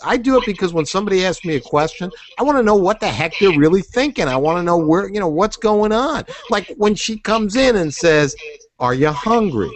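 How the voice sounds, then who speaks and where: A man's voice: high voice, brisk, few pauses. A middle-aged man leading a sales training role-play, asking leading questions and acting out the answers. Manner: animated, asks leading questions, acts out answers. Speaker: business trainer.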